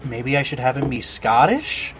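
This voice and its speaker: A man's voice: medium pitch, big pitch swings, moderate pace, a bit bright, faint music behind. A man playing a game and trying out character voices, chatting casually in a self-deprecating way.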